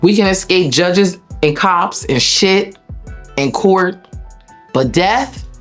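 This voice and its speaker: A woman with a Delaware accent, an interview guest telling a personal story in a blunt, profane, animated way. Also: on the low side, slow pace, faint music behind. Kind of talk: emotional storytelling.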